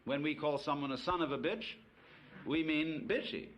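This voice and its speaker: A man's voice: on the high side, normal speed, dull audio, slight background noise. A man giving a public lecture to an audience, telling stories with wry, playful asides.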